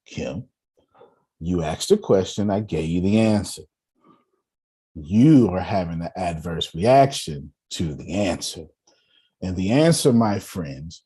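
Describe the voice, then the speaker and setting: A man's voice: sits low, dark tone, slightly rough. A man coaching a group on a call, talking in an emphatic, repetitive, preacher-like cadence. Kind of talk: motivational talk.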